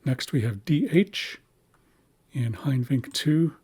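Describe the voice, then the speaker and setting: A man narrating a screen-share lesson, carefully explaining writing systems and slowly sounding out example words. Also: medium pitch, animated, darkish tone, slightly rough. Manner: careful, slow spelling-out of words. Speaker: language teacher.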